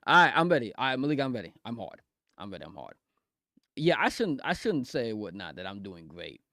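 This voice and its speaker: A man's voice: on the low side, very animated, fairly quick, bright, forceful tone, dry recording, studio quality. A male streamer chatting casually on a livestream, rambling, laughing often and repeating phrases.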